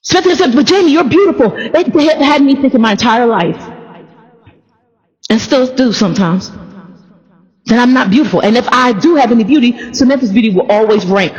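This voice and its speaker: A woman preaching a sermon and telling a personal story, animated and laughing often as she speaks. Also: on the high side, normal speed, long pauses, long reverb tail, lo-fi sound. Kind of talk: sermon testimony.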